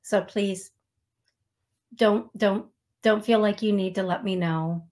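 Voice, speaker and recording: A woman hosts a psychic medium live stream, speaking slowly and unhurriedly. Her voice sits at a middling pitch, and her talk is chatty and self-deprecating, with little laughs at her own expense. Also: steady tone, darkish tone. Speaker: psychic medium show host. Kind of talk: live-stream talk show, reading out names. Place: talking to viewers on a live stream.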